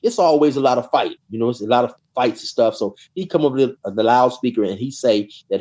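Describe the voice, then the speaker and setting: In a dull lo-fi recording, a middle-aged interview guest rambles through long prison stories, repeating words and leaning on "you know." He talks fast in a mid-range, slightly mellow voice with few pauses.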